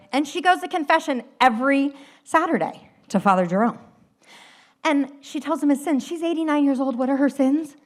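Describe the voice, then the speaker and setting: Brief: woman doing live comic storytelling, lively and high, laughs at her own lines. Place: theater stage.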